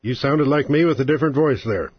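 A man's voice: medium pitch, quick pace, husky, no echo, lo-fi sound. A male talk radio host giving an opinionated monologue in a sarcastic, combative manner. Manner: sarcastic, combative, rising to exasperated outbursts.

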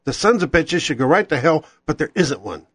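Brief: angry talk radio host man, slightly raised pitch, very dry sound. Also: lively intonation, brisk, husky, no room sound. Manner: angry, sarcastic, ranting. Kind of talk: political talk radio rant.

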